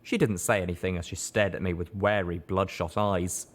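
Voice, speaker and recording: Deep-voiced male audiobook narrator. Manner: steady, measured storytelling. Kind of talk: first-person story narration.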